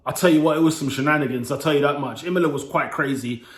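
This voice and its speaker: A young man giving a lively, exclaiming solo review and playfully scolding as he goes. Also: on the high side, fast talker. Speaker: motorsport commentator vlogger. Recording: echoey room.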